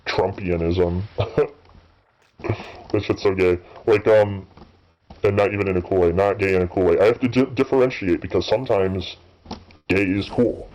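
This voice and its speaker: A man's voice: low-pitched, darkish tone, lo-fi sound. A man in his thirties rambling through casual, profane commentary while playing a game, full of fillers and restarts. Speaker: gaming channel host.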